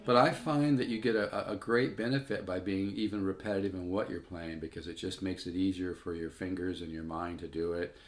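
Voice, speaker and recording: A man's voice: sits low, steady tone, brisk, few pauses. An older man giving a casual guitar lesson, rambling and conversational, with asides between his own playing. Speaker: guitar teacher.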